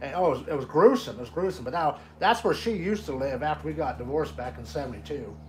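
A man's voice: on the high side, animated, brisk, slight background noise, lightly acted. A man voicing a folksy old trailer-park fisherman in a prank phone call, drawling and calling the caller son. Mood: rambling. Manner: drawling, calls everyone son, tells tall tales.

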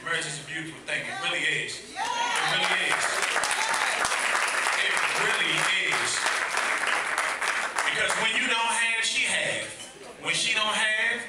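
A man in his forties from Washington, D.C., performs stand-up at a gala in a large event hall, talking to the crowd and animatedly acting out characters in exaggerated voices. His voice is high-pitched and a little slow, with frequent pauses. The echoey hall and distant mic pick up loud audience laughter and crowd noise.

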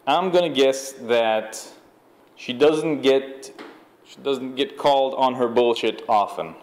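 A male commentator with a mid-pitched voice, talking over a clip in a loose, sardonic way. He chuckles now and then between points. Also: takes it slowly. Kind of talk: video commentary.

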